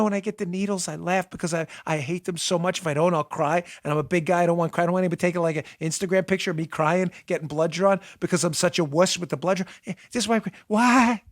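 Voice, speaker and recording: A man's voice: fairly high pitch, no echo, clean studio sound. A man hosting a political talk show, giving emphatic, sarcastic commentary and urging listeners to act.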